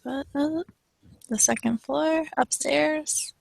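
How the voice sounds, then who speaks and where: Slow, gravelly-voiced woman learner. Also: high voice, dry recording. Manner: hesitant, sounding out words. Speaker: student translating manga. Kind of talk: casual study session.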